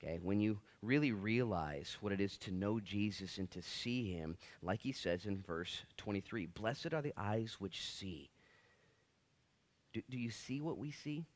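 A man in his late thirties preaching a sermon, telling stories and acting out quotes with big swings between loud and quiet. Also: on the low side, a little slow. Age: 30s. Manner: animated storytelling, big swings in loudness, acts out quotes. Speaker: pastor.

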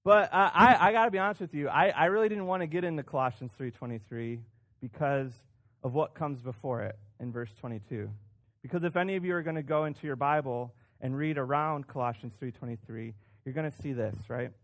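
A man's voice: a little high, fairly quick, fairly bright tone. Male pastor, sermon delivery, casual, repeats words, punches key points. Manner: conversational, self-deprecating, with frequent restarts and emphatic rises.

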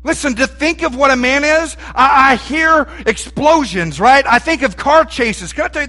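A man, preaching a sermon in a folksy, animated way and asking the room questions. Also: high voice. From Texas.

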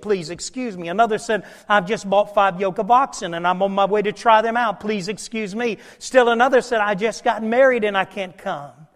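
A man preaching a sermon in a church, telling the story in a folksy way and acting out the dialogue, with his voice climbing to shouts. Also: sits high. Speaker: pastor. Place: church sanctuary. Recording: long hall reverb.

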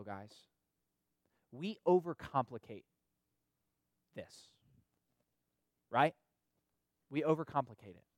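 A man's voice: mid-range voice, darkish tone, dry recording. Conversational preaching man, dry sound. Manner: conversational preaching, frequent "right?" tag questions and repetitions. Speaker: pastor or youth leader. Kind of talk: sermon.

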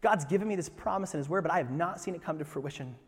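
Male pastor, sermon delivery, lively emphatic peaks, fairly high voice, long hall reverb. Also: fast, breathy edge. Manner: animated, rising to emphatic peaks.

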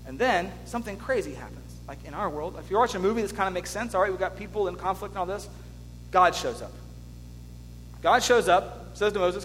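Casting: male pastor, higher voice, earnest animated sermon delivery, long church reverb, faint hum underneath. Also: moderate pace, long pauses. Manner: earnest, animated storytelling with restarts.

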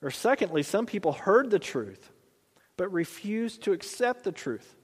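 A man preaching a sermon as pastor, reading scripture slowly and then building with rising emphasis. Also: sits high, big pitch swings, slightly rough, big-room sound.

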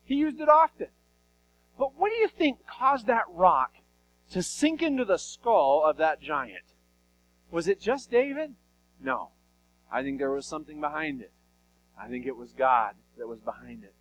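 A man preaching a sermon, retelling Bible stories in an animated, conversational way. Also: on the high side, unhurried, pauses often, a little hiss or hum, rough recording. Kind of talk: sermon storytelling.

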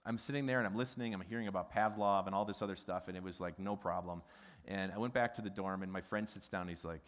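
Midwestern pastor, low voice, reverberant hall. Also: male voice, fast talker. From American Midwest. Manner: conversational, animated, asks the congregation questions. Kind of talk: sermon.

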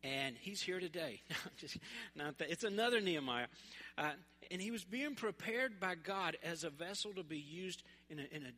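A man from West Tennessee, preaching a sermon in a relaxed, conversational, humorous storytelling way. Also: high voice, moderate pace. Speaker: pastor. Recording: echoey hall.

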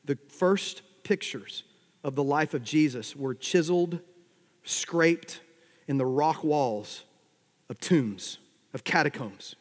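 A man preaching a sermon with wry humor. His loudness swells and drops suddenly as he drives his points home. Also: on the high side, slow pace, big-room sound. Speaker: pastor.

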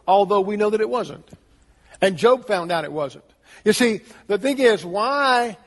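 A man's voice: sits high, expressive, measured pace. A man preaching a sermon as pastor, earnest, asking the congregation rhetorical questions. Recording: long reverb of a large hall.

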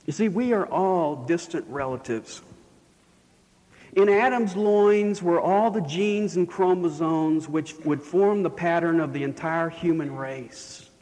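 Preacher with a fairly high voice in a reverberant church. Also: male voice, slow, a little mellow. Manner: storytelling, rising and falling for emphasis. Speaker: pastor. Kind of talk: sermon.

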